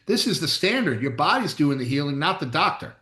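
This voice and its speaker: On the high side and sing-song, this man's voice moves briskly with a sharp tone. He's a middle-aged chiropractor co-hosting a casual podcast, sharing blunt, emphatic stories peppered with mild swearing, recorded in an echoey room.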